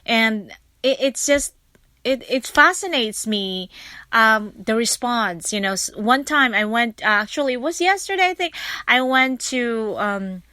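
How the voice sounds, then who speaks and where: Rambly woman teacher talking on her podcast, kinda high pitched, super bright, restarts sentences a lot. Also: animated, measured pace, no echo. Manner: chatty, rambling storyteller who breaks off and restarts. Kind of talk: casual podcast monologue.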